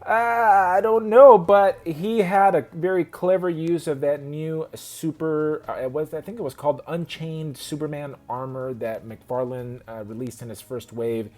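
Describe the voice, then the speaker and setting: Man, fairly high voice, rambling and chatty, casual video host. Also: fairly even intonation, moderate pace, hardly any pauses, mellow. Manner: rambling, self-correcting, chatty. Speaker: host showcasing custom action figures.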